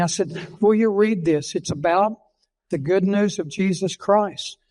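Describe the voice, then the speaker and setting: Earnest high-voiced Texan preacher. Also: male voice, darkish tone, rough recording. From Texas. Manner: folksy, earnest storyteller acting out dialogue. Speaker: pastor. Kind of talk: sermon-style storytelling.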